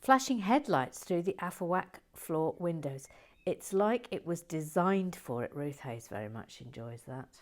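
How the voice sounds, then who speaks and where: Playful woman host chatting as she builds, lowish voice, reads comments aloud, mutters when focused. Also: expressive, unhurried, darkish tone. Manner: playful, reads viewer comments aloud, drops to murmurs while concentrating. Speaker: host of a brick-building stream. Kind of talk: casual live-stream chat while building.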